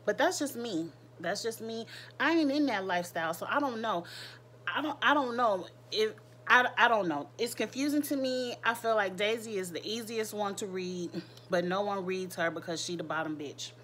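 A woman's voice: medium pitch, moderate pace, fairly bright tone, a little hiss or hum. A woman giving a casual, candid recap of a reality show, speaking in with crude slang and laughing asides.

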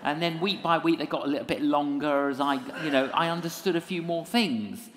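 A man's voice: on the high side, fairly quick, background noise. A man telling a story in a lecture, acting out dialogue with humour. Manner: animated, acts out dialogue with humour. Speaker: evangelist speaker. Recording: long hall reverb.

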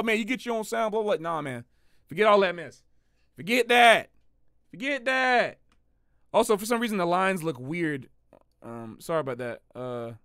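A man, a jazz musician hosting a livestream, talking in a casual, slangy and animated way and repeating phrases for emphasis. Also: sits high, no room sound, clean studio sound.

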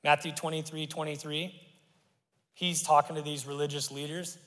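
A middle-aged man preaching a sermon as pastor, conversational and animated with sudden loud bursts. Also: a little high, normal speed. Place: church sanctuary. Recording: long church-hall reverb.

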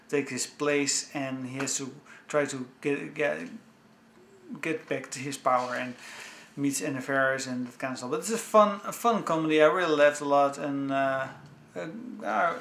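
A man chatting casually about films he owns, talking with enthusiasm in a halting way full of restarts. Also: a little high, creaky, fairly bright tone, slight background noise. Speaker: movie vlogger. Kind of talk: casual home-video review. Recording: echoey room.

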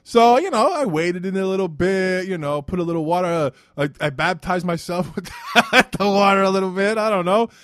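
A Brooklyn man with a Brooklyn accent talks through his podcast in a loose, wandering monologue, cursing casually and drifting off mid-thought. His voice sits fairly high for a man. The sound is close and dry, with no room around it. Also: lively intonation, a little fast, dry recording. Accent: Brooklyn New York. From Brooklyn, New York. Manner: rambling, swears freely, often trails off into "I don't know". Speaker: podcast host.

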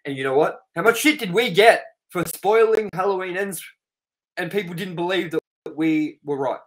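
A man's voice: high-pitched, normal speed. An Australian man co-hosting a podcast, ranting in a heated, profane casual chat. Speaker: podcast co-host.

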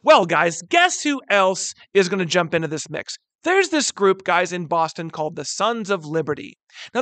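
A man teaching a history lesson in an animated way, who keeps calling his listeners "guys" and briefly acts out quotes. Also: high-pitched, no echo. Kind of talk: recorded history lecture.

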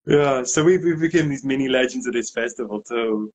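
A guest DJ with a mid-range voice talks a bit fast while telling an animated anecdote in an informal interview. He dramatizes the quotes and relies heavily on filler words.

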